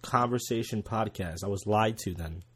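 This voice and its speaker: A man's voice: fairly low pitch, normal speed, fairly bright tone. A man guesting on a podcast in casual chat, wry and storytelling.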